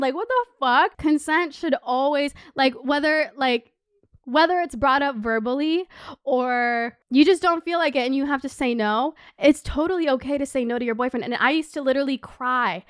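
A young woman in her twenties hosting a podcast, talking in a candid, animated way, full of "like" and open swearing. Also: high-pitched, normal speed, smooth, no room sound, clean studio sound. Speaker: podcast host. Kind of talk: casual advice chat.

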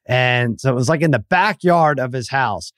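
A middle-aged comedy writer who is a podcast regular tells prank stories in casual chat, with lots of laughter. His voice is mid-range and a bit bright at a moderate pace, and the sound is clean studio quality with no room sound.

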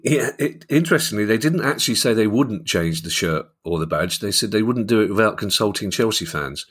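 Husky-voiced London man co-hosting. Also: fairly low pitch, animated, brisk, fairly bright tone. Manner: jokey, anecdotal. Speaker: podcast co-host. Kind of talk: casual chat.

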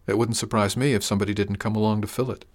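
A motherly older herbalist woman, as a male storyteller puts her on. She speaks gently and reassuringly, with homely warmth and a wry edge. The voice stays only lightly lifted from his own. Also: fairly low pitch, steady tone, rapid-fire, lightly acted. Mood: gentle.

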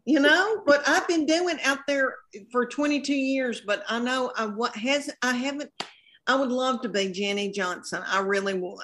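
A woman's voice: high-pitched, normal speed, fairly bright tone. A woman chats as a podcast guest. Her talk is folksy and self-deprecating, full of long tangents. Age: 50s. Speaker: comedian guest. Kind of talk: casual podcast chat.

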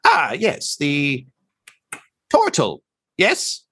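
A man's voice: a little high, huge pitch swings, extremely slow, pushed and bright, slightly rough, dry recording, studio quality, pitched above the performer's own voice, exaggerated voice. A man voicing a tall, spindly male bird-creature doctor who calls himself "this one" and hums "hmm" between phrases. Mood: inquisitive.

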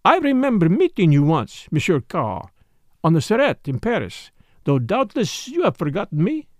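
A man's voice: sits high, huge pitch swings, normal speed, no echo, studio quality. A man reading an audiobook voices a courteous, self-assured middle-aged detective with a genial manner.

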